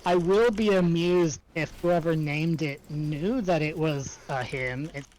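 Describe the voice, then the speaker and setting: A co-player chatting casually during a game in a dry, deadpan way, sometimes muttering. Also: mid-range voice, a little slow. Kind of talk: casual chat while gaming.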